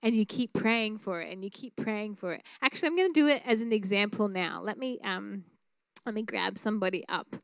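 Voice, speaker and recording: Smooth-voiced woman teaching prayer. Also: medium pitch, dry recording. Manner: earnest, conversational, frequent fillers and quick laughs. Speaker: teacher demonstrating prophetic prayer. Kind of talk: church teaching with live prophetic demonstration.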